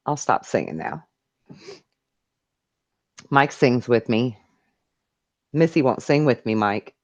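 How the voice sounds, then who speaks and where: Slow, chatty woman host with a low voice. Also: a little mellow, no room sound, lo-fi sound. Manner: chatty, reads viewer messages aloud, laughs often. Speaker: live call-in show host. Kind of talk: casual live-stream chat.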